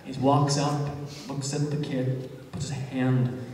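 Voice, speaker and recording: A man's voice: mid-range voice, flat delivery, slow pace, darkish tone. A man in his twenties doing a stand-up comedy set, telling awkward, rambling stories with crude punchlines in front of a live audience. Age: 20s. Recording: echoey hall, mic heard from far off.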